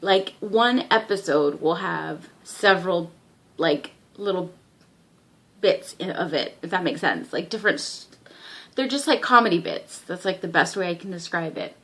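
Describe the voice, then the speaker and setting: A young woman giving a casual vlog review of an anime, excitable and giggly, with lots of filler words. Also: on the low side, normal speed.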